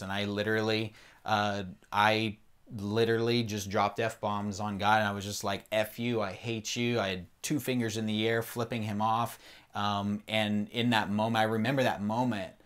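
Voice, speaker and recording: Earnest, low-voiced man telling his story. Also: flat delivery, moderate pace, a bit bright, smooth. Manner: earnest, rambling, swears freely. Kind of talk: candid personal testimony.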